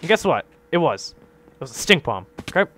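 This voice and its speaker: A man telling a rambling, animated story over his gameplay, tagging many lines with "right?" and laughing often. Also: a little high, a little fast, heavy background noise. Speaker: gaming channel host.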